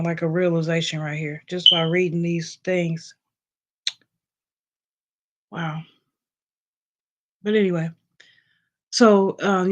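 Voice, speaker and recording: A woman hosting a casual livestream, just out of bed, reading points from a list with plenty of ums and chatting with her viewers. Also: on the low side. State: just woke up. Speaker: livestream host.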